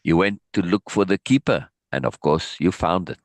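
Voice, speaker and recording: A man reading as a calm, amused old sorcerer. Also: deep voice, normal speed, dry recording, natural voice.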